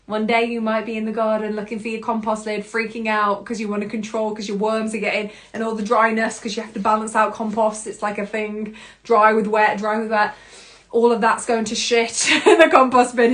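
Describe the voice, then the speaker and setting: A woman hosting a podcast, giving an expressive self-help monologue and often breaking into laughter. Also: fairly high pitch, fairly quick. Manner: expressive, laughs often, acts out her own inner voice. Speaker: podcast host.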